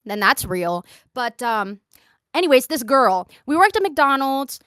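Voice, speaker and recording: A young woman with a high, bright voice tells stories in a casual podcast chat. She acts out the people in her stories and slips into their voices. The sound is close and dry. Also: measured pace, clear, resonant tone, dry recording. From grew up in Qatar and the American South. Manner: animated storyteller, acting out quoted voices. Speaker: podcast host.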